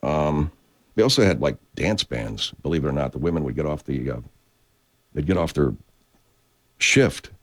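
A man with a very deep, low voice talks casually as a show host. He rambles and swears a lot, his pitch swinging widely as he gets excited and then drops low again. He restarts sentences often. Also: moderate pace, pauses often. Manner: profane, digressive, frequent restarts. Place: California.

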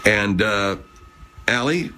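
A man's voice: lowish voice, animated, slow pace, bright, forceful tone, a little hiss or hum. A man hosting a casual live chat, rambling, swearing, and reading out viewer comments. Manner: rambling, profane, chatty. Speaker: livestream host.

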